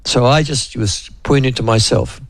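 Creaky-voiced New Zealand radio host. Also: male voice, medium pitch, moderate pace, no echo. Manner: rambling, chatty, many fillers. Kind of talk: casual talk radio chat.

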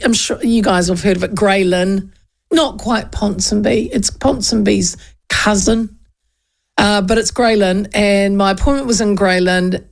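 A woman's voice: medium pitch, gravelly. A woman radio host with a New Zealand accent, chatting and telling a funny story, acting out the people in it. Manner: chatty storyteller, acts out quoted voices. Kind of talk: casual chat and anecdote.

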